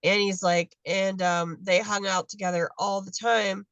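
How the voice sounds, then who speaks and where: A woman's voice: medium pitch, unhurried, smooth, no room sound, lo-fi sound. Woman storytelling on a video call. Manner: animated, acts out dialogue in quotes. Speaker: guest adoptee.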